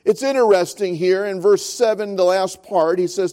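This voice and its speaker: A man in his fifties preaching a sermon as pastor, earnest, rising in force and then dropping to a soft, slow hush. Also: high-pitched. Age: 50s.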